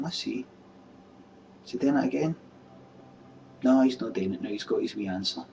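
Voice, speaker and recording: A man's voice: mid-range voice, lively intonation, fairly quick, gravelly, darkish tone. A Scottish man hosting a live webcam show, rambling and swearing in casual chat. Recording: dull webcam audio from a distance with faint background hum.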